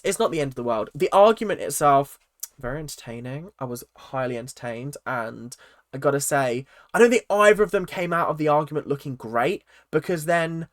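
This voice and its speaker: A vlogger giving casual, opinionated commentary on a reality show, animated and acting out quoted lines in mock voices, with many fillers and restarts. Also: medium pitch, no echo, clean studio sound. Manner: chatty with frequent fillers and restarts.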